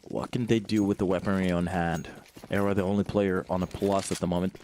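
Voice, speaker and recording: A man's voice: low-pitched, little pitch movement, brisk, a little mellow, slight background noise. A man giving live play-by-play commentary on a competitive match, chatty and joking with viewers between calls. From Finland. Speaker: esports commentator.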